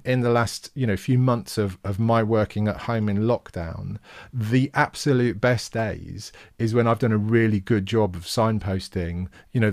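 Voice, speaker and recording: A low-voiced man hosts a livestream interview, recorded dry and close with little room sound. He feels his way through his questions in a reflective, searching way. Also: no room sound. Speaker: host.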